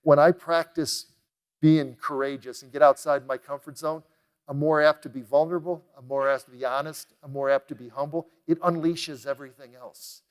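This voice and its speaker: A middle-aged man delivers a motivational talk in a fairly high voice. He tells his stories with real energy and brings the voices of the people in them to life. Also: moderate pace, clear, resonant tone. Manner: energetic, acts out quoted dialogue in a lively way. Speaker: motivational speaker. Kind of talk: motivational keynote talk with storytelling.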